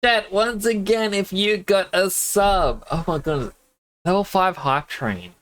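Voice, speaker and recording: A man streaming a game, sniffling a little and telling rambling stories with quick laughs into a desk mic. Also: sits high, fairly bright tone. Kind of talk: casual chat while gaming.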